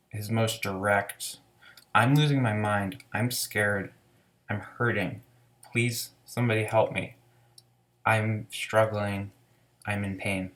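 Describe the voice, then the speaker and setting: A man's voice: on the low side, fairly bright tone. A man giving a casual, rambling album review, enthusiastic and full of fillers and restarts. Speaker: music reviewer.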